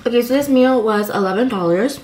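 A woman's voice: a little high, a little fast, a little mellow, slight background noise, low-quality recording. Chatty young woman vlogging over a meal. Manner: chatty storytelling, many fillers and "like". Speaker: food vlogger. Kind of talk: casual eating vlog chat.

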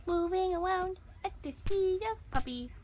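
A woman voicing a silly, boastful young puppy who talks through a game, giddy and bragging, jumping between shouts and whispers. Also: extremely high pitch, measured pace. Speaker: channel host. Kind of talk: gameplay commentary in character.

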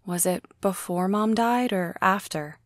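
Woman reads anxious young heroine, hushed and urgent, dry. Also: mid-range voice, unhurried, no echo, close to an everyday voice.

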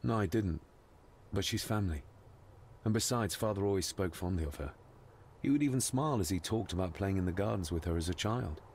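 A man's voice: low voice, lively intonation, a little fast, a little mellow, a little hiss or hum. A man playing a polite, inquisitive young man asking about his late aunt. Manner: courteous, inquisitive. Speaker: game protagonist.

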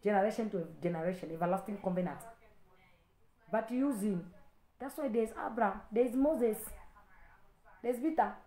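A woman's voice: medium pitch, normal speed, long pauses, reverberant. A woman preacher delivering an impassioned sermon, repeating her points and rising into stern warnings. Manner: exhorting, repetitive, rising to stern loud warnings.

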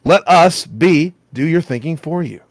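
On the high side and lively in intonation, this man's voice keeps a measured pace with no echo. He hosts a comedy show, reading forum posts out loud with a wry tone and laughing at them.

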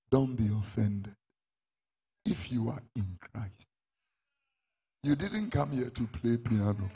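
A middle-aged man with a Ghanaian English accent, preaching a sermon as a prophet, with sudden shouted peaks. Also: mid-range voice, slow, pauses often, husky.

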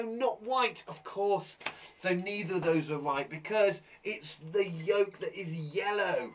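A man's voice: a little high, expressive, normal speed, a little hiss or hum. Playful man teaching kids live. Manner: playful, theatrical reactions, chatty to children. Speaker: primary school teacher. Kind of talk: live online lesson for kids.

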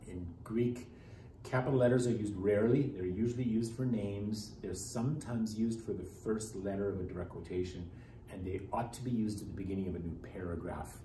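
A man with a low, mellow voice teaches a Greek class and walks through grammar with rhetorical questions. He is heard off-mic in an echoey classroom with a faint hiss behind him. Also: far from the mic. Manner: explanatory, rhetorical questions, pitch rising and falling widely. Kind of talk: classroom lecture.

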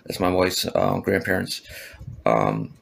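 A married man recounting a dream, halting often with ums and uhs. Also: sits low, very animated, gravelly.

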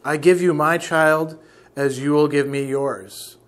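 A man's voice: a little high, fairly even intonation, measured pace, natural voice. Male reader voicing an ancient dragon, grave, archaic phrasing. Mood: solemn. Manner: archaic formal speech.

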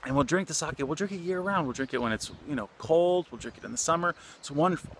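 A man voicing a sweet, kindly old man in his seventies who talks gently and slowly. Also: a little high, slight background noise, pitched above the performer's own voice. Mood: fond, chatty.

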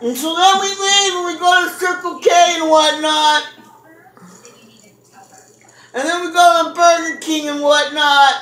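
A very high-pitched, bright-voiced woman tells a story at full volume, cursing and laughing through it. The room around her is echoey. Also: fairly even intonation, normal speed. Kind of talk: loud profane storytelling. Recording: roomy echo.

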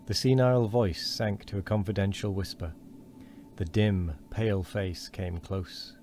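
A man streamer reading a book aloud in a calm, unhurried way, with occasional slips and restarts. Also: on the low side, slight background noise.

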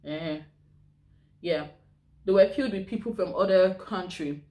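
A woman's voice: on the low side, measured pace, mellow. A woman with a Nigerian accent chatting to camera as a vlogger, full of rhetorical questions. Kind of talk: casual chat to camera.

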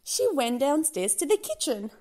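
A woman narrating a children's picture book aloud in an expressive, sing-song storytelling manner. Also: sits high, moderate pace. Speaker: storybook reader.

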